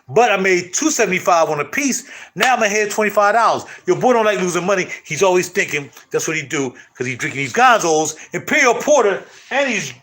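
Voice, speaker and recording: A middle-aged man hosting his channel, chatting casually to viewers in loud, animated, slangy street talk. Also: high voice. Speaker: channel host.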